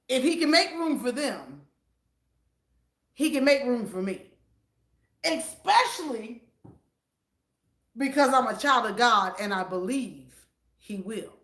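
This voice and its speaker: An older woman with a Southern US accent chatting on a live stream in an animated, preachy way. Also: a little high, echoey room. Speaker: vlogger. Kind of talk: casual live-stream chat.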